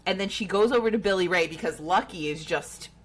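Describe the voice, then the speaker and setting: A woman's voice: on the low side, fairly quick. Foul-mouthed woman telling a story. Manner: profane, animated retelling. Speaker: podcast co-host. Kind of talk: casual storytelling.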